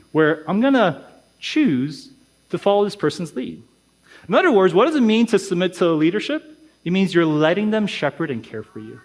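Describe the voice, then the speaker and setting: A man with a somewhat high voice preaches to his congregation in an easygoing, chatty way. He slips into quick impressions of churchgoers and throws in "dude" and "like" as he goes. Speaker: pastor. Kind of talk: sermon.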